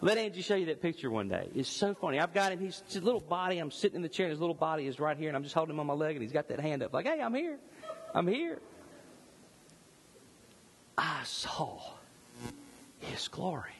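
A man in his thirties preaching a sermon as pastor, passionate, rising high on repeated lines and dropping soft and hushed. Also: animated, rapid-fire, few pauses, slight background noise. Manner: impassioned, climbing in pitch at lists, then softening to near whisper. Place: church sanctuary. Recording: long reverb in a large hall.

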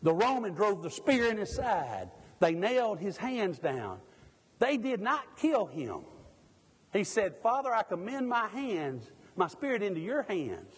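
Fervent preacher, husky voice. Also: male voice, high voice, very animated, a little slow, in a large hall. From Mississippi, USA. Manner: fervent, asks the congregation pointed questions, jokes at himself. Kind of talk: sermon.

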